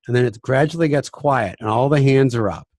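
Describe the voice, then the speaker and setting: A man's voice: medium pitch, brisk, dry recording, studio quality. A man, a music teacher, giving a casual talk on classroom behavior, chatty and self-deprecating. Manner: chatty and self-deprecating, often demonstrating by dropping to a hushed voice. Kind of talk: casual instructional talk with acted classroom examples.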